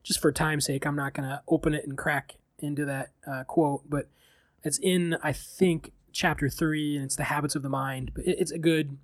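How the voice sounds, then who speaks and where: A man's voice: on the high side, little pitch movement, normal speed, dry recording. A man in a casual podcast chat, talking reflectively with many fillers.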